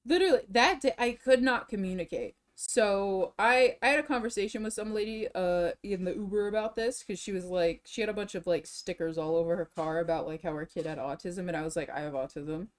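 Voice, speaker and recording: A young woman streams to her viewers in loose, rambling casual chat. She restarts her sentences often and swings between worn-out and excited. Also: mid-range voice, a little fast, few pauses.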